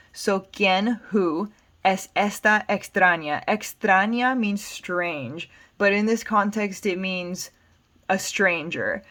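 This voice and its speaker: A woman's voice: lowish voice, a bit bright. A woman with an American accent teaching Spanish, patiently explaining song lyrics word by word. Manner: patient, plain explanations with fillers.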